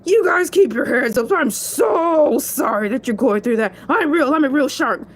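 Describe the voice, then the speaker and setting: A woman's voice: sits high, animated, normal speed. A woman voicing a cocky male shark who hosts a show, chatting playfully and bragging as he rambles. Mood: chatty. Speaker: stand-in show host. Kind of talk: comedic solo character show.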